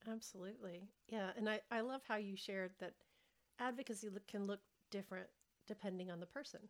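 A woman interviewer who asks her questions gently and affirms what her guest says. She has a mid-pitched, even voice. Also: fairly quick. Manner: supportive, affirming.

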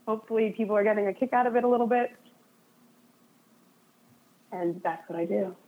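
A woman's voice: mid-range voice, brisk. A woman guest in a casual interview, talking in a chatty, self-deprecating way with lots of "like" fillers. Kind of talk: casual conversation. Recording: phone-like narrow sound.

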